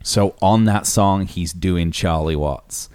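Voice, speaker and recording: A man's voice: sits low, takes it slowly, darkish tone, clear, resonant tone, no echo, studio quality. A man co-hosting a casual podcast chat about music, wry and opinionated. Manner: wry, opinionated, reads quotes aloud. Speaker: podcast co-host.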